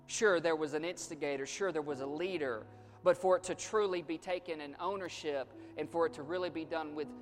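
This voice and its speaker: High-voiced man preaching emphatically. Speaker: pastor. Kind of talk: sermon. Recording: long reverb, faint music.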